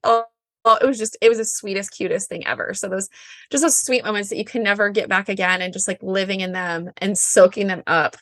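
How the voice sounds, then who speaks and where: A bubbly woman in her thirties talks casually as an interview guest. She fills her speech with likes and ums. Her voice sits at a middle pitch and sounds dry and close. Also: fairly even intonation, brisk, a bit bright, no echo. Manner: bubbly, chatty, says like and um often. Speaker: guest, Enneagram coach.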